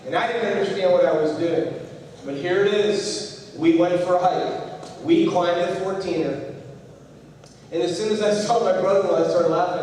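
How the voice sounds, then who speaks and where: An animated middle-aged man speaks to a school assembly, slipping into little voices as he tells his story. His voice sits a touch high and comes from a distance, with a big echoing hall ringing around it. A faint hum of ambience sits underneath. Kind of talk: motivational talk to students. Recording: echoey hall, far from the mic.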